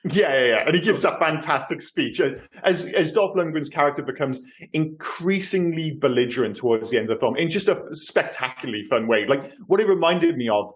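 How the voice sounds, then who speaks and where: Animated chatty male podcast host. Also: on the high side, a little fast, hardly any pauses. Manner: animated, many fillers and restarts. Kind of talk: casual film podcast chat.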